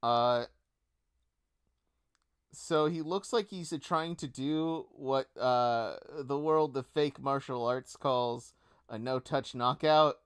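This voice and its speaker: A man's voice: mid-range voice, slow, clear, resonant tone. A man acting as game master, narrating a tabletop game in an easygoing way with many filler words.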